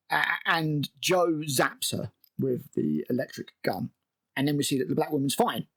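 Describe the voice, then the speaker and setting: A man's voice: a little high, moderate pace, slightly rough. A man recapping a TV episode as a review host, exasperated and sarcastic and swearing freely.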